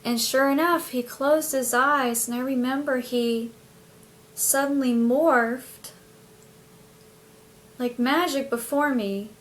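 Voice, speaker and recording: A woman telling a personal story in a casual, animated way, often hedging what she remembers. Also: high voice. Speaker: spiritual channel host.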